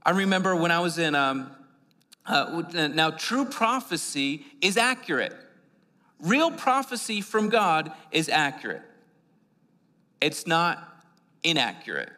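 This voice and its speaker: A man's voice: on the high side, very animated, unhurried, pauses often, bright, forceful tone. Man preaching in an echoing hall. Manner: conversational preaching with repeated words and fillers. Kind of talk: sermon. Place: church sanctuary. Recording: long hall reverb.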